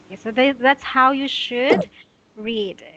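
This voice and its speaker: A woman's voice: sits high, a little slow, sharp tone, dull audio. A woman tutoring English, patiently correcting a student's reading with many "okay"s.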